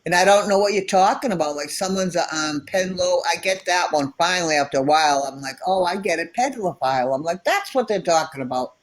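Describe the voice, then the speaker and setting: A woman's voice: lowish voice, animated, brisk, hardly any pauses. Blunt middle-aged American woman. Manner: chatty storyteller, blunt opinions. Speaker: guest caller. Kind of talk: casual livestream chat.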